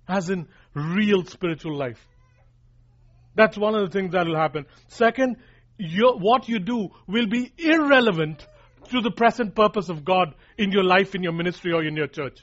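A man with a notably high voice delivers an emphatic sermon, restating his key points and speaking straight to the congregation as "guys." The recording is dull and lo-fi, with the top end muffled. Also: moderate pace, fairly bright tone. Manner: emphatic, repeats lines for emphasis, addresses listeners as guys. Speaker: preacher.

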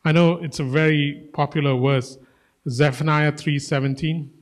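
A man's voice: fairly high pitch, normal speed. A man preaching a casual, joking sermon to a congregation, acting out voices as he tells stories. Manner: joking, animated, acts out voices. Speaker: guest preacher.

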